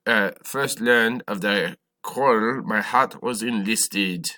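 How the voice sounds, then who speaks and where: Teacher putting on a young French nobleman, earnest, clumsy French accent, unhurried and bright-toned. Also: fairly low pitch. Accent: put-on French. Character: young French aristocrat quoting, male.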